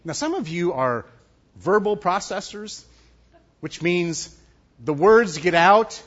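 A middle-aged man delivers a sermon with a lively, swooping delivery that often falls to a hush for emphasis. His voice is slightly husky and a bit high for a man. The recording sounds dull and lo-fi. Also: a little slow, pauses often. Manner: animated, emphatic preaching with sudden soft drops. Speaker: pastor.

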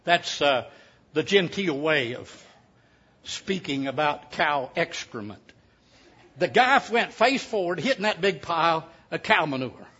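A man's voice: fairly high pitch, animated, measured pace, pushed and bright, breathy edge. A man, preaching a sermon as a folksy, joking storyteller. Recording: dull lo-fi sound.

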